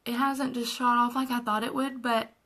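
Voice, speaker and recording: A woman's voice: fairly high pitch, little pitch movement, moderate pace, a bit bright, low-quality recording. A young woman chatting casually and earnestly while doing her makeup at home in a tutorial vlog. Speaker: makeup vlogger.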